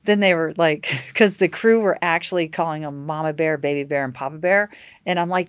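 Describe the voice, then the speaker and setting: Low-voiced woman telling yacht stories. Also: brisk, clean tone, no echo. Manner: animated anecdotes with acted-out quotes. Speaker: guest, yacht captain. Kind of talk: casual podcast storytelling.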